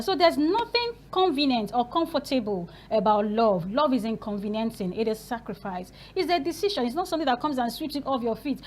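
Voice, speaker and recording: A high-pitched woman leads a Christian talk show. She talks earnestly and preachily, stacking up rhetorical questions to make her point. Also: very animated, a little fast, few pauses, a little mellow.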